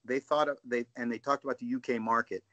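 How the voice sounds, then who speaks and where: A man, a guest coach on a casual podcast call, telling animated stories and often asking "right?". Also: mid-range voice, fast, no echo. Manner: storytelling, animated, says "dude" and "right?".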